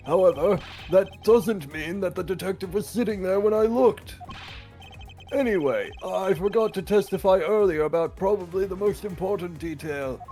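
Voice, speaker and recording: A flustered, forgetful old judge, as a man acts him out in a fan-made game dub, fumbling through his testimony with halting, apologetic restarts. The voice sits high for a man, with a little music under it. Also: warm tone, close to an everyday voice. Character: older male courtroom judge, flustered and forgetful. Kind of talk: amateur game dub reading.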